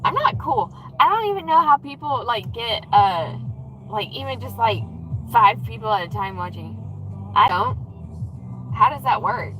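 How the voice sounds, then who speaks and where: A woman's voice: on the high side, animated, measured pace, fairly bright tone, soft background music, low-quality recording. A woman livestreaming casually while driving, chatty, swearing freely and acting out what others said. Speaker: vlogger. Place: in a car in traffic. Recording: faint road noise and rattles.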